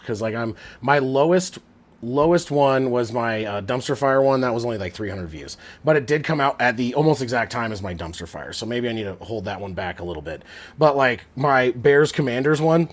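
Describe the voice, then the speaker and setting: A man around forty hosts a live sports stream in an easy, rambling chat. He talks with plenty of fillers and restarts, and his voice comes through a Bluetooth headset. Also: medium pitch. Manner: chatty, rambling, many fillers.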